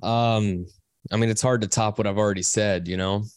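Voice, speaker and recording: A man's voice: on the low side, fairly even intonation, moderate pace, smooth, no echo. A man speaking as a panelist in a round table discussion, stumbling over restarts before encouraging listeners. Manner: hesitant restarts, then encouraging.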